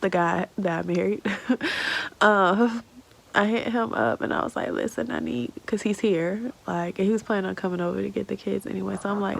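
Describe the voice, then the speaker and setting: A woman's voice: mid-range voice, fairly even intonation, normal speed, vocal fry, rough recording. A woman in her thirties telling a personal story in a casual vlog, tearful and rambling with many fillers. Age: 30s. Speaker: vlogger.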